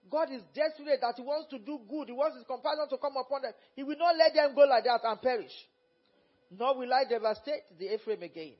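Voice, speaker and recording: A man with a high voice preaches a Bible lesson, repeating phrases and swelling into fervent calls. The recording is dull and lo-fi. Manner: fervent, repeats phrases, rises to loud exhortation. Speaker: pastor leading a Bible study.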